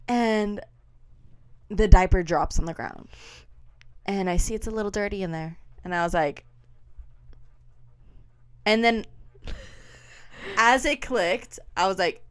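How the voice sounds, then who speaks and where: A young woman co-hosting a podcast, telling a story in a casual, animated way and laughing often. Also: medium pitch, no echo. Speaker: podcast co-host.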